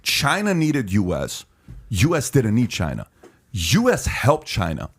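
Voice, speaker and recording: A man's voice: medium pitch, wildly swooping pitch, unhurried. A man hosting a podcast debate, pressing his points, cutting in and repeating himself for emphasis. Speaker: podcast host.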